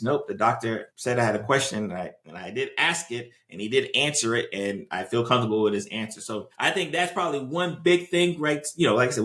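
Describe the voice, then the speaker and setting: A man's voice: mid-range voice, fairly bright tone. Male doctor hosting a podcast, loose chatty delivery, keeps saying right?, roomy echo around him. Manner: conversational, repeats "right?" often, acts out patient and doctor exchanges. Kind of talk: casual monologue podcast.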